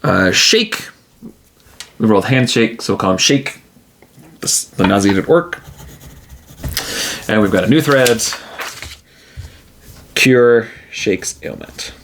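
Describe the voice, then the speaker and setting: A man's voice: on the low side, animated, slow pace, gravelly, long pauses, a bit bright, slight background noise. A man narrating and playing a solo tabletop game, thinking aloud casually with plenty of fillers.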